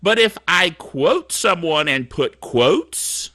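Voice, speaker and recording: A man's voice: a little high, very animated, slow pace, pushed and bright, no room sound, clean studio sound. A middle-aged man hosting a tech show, talking in a casual, digressive, self-mocking monologue.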